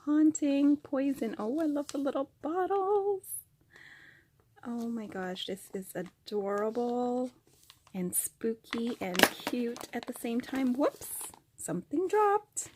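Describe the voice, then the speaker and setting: A woman vlogger opening craft mail, gushing with delight and gasping often. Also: medium pitch. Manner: gushing, gasps and exclaims often. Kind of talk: excited unboxing chat. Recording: faint crinkling paper noise.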